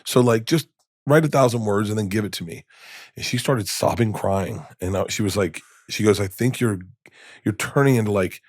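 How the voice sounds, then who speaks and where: A man in his fifties, a comedian guest telling stories in a lively, casual way, acting out the voices in them. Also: fairly low pitch, normal speed, no room sound, studio quality. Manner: animated, acts out voices in his anecdotes, swears casually. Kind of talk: storytelling in casual conversation. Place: podcast studio.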